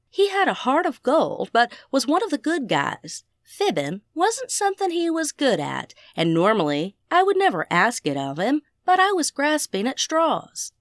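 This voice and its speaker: A woman reads a first-person audiobook, sprinkling folksy sayings through her storytelling. Her voice is fairly high and animated in pitch, recorded dry and close. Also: normal speed, few pauses, no echo. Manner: folksy Southern idioms. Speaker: audiobook narrator.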